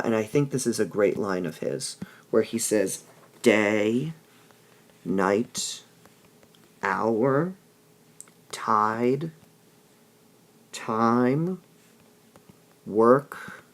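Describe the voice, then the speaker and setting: A man with a gravelly, creaky voice teaching a literature lesson. He explains patiently and keeps checking in with the class as he talks. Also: medium pitch, dark tone. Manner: explanatory, with frequent "all right?" checks. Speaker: English teacher. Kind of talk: recorded lesson.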